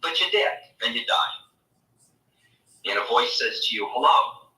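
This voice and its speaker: Bright-voiced man lecturing in an echoey room. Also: medium pitch, a little slow. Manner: animated storytelling, acting out imagined voices. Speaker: spiritual teacher. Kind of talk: spiritual lecture. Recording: echoey room, mic far off.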